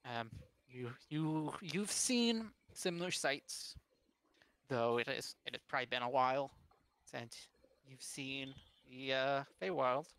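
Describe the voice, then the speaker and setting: A man narrating as game master in a tabletop game, halting and full of fillers and restarts. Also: medium pitch, steady tone, fairly bright tone, clear, resonant tone.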